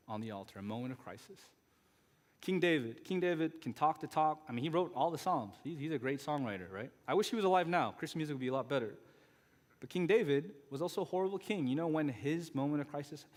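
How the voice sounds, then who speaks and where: Male guest pastor, 30s, mid-pitched, chatty anecdotal sermon delivery, long sanctuary reverb. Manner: conversational storytelling with frequent asides. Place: church sanctuary.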